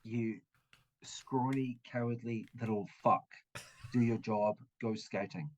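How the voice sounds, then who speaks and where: A man's voice: on the low side, fairly even intonation, slow pace, a little hiss or hum, low-quality recording. A man voicing a surly, foul-mouthed male adventurer who snarls insults at his party. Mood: contemptuous.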